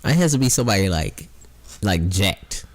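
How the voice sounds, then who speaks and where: Low-voiced matter-of-fact young man. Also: big pitch swings, normal speed. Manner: matter-of-fact, corrects details firmly. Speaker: podcast co-host. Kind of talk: casual chat.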